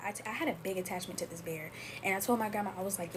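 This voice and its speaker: A woman's voice: mid-range voice, rapid-fire, noisy background. Chatty young woman telling a storytime. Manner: chatty, talks straight to viewers as y'all. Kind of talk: casual storytime chat.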